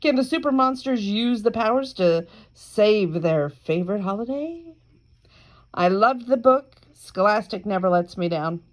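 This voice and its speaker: A woman reading a children's picture book aloud, slow and careful, with chatty asides between pages. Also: medium pitch, lively intonation. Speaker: reader.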